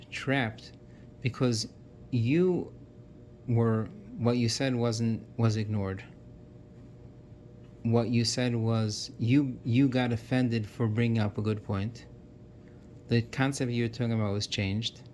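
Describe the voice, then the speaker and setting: A man's voice: medium pitch, darkish tone, a little hiss or hum. A man giving an earnest, casual talk that lists points one by one, with frequent restarts. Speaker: self-help speaker. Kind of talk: casual explanatory monologue.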